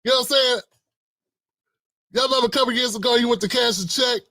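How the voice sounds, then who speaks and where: Give me a middle-aged male host doing a livestream, high-pitched, dry sound, joking and slangy. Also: quick pace, long pauses, sharp tone, no room sound. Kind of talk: livestream commentary.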